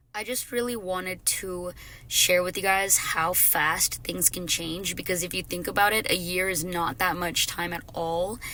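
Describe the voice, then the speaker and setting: A woman's voice: on the low side, sharp tone, slight background noise. A woman in her twenties talking casually and expressively to her viewers, swearing freely. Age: 20s. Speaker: vlogger. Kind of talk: casual personal monologue.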